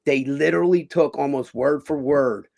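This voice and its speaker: A man's voice: a little high, normal speed, gravelly, darkish tone. A middle-aged man, an actor and former boxer, chatting as an interview guest, rambling through stories with lots of fillers and restarts and casual swearing.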